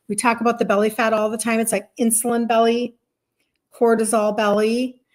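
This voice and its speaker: Chatty, higher-voiced woman coach in her fifties. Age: 50s. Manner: chatty and emphatic, repeats herself, many fillers of "like". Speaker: health coach. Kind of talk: casual live-stream talk to viewers.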